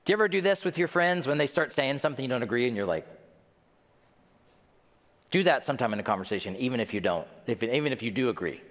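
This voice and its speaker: A man's voice: medium pitch, lively intonation, fast talker, a bit bright. A man preaching a humorous, conversational sermon as pastor, joking and acting out his listeners' reactions. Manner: playful, jokey, acts out listeners' reactions. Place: church sanctuary. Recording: long reverb of a large hall.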